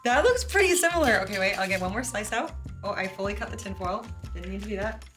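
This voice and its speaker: Bright-voiced young woman hosting a baking vlog. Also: medium pitch, animated, quick pace, reverberant, faint music behind. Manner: chatty and self-deprecating, laughs often. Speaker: baking show host. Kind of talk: casual home baking vlog. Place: home kitchen.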